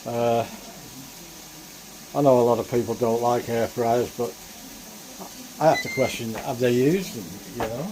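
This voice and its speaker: A man's voice: mid-range voice, fairly even intonation, a little slow, pauses often. A man cooking at home who chats to his viewers and mutters to himself as he works in his kitchen. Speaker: home cook vlogger. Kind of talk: casual cooking commentary. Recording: noisy background ambience.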